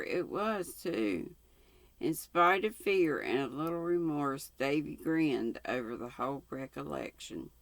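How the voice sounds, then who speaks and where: An older Southern woman in her sixties reads a classic novel aloud in a homespun, folksy way. She drawls along slowly, her voice a bit gravelly. The sound is close and dry. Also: a bass voice, sing-song, dry recording. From North Carolina. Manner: folksy, unhurried, with colloquial sign-offs. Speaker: channel host reading aloud.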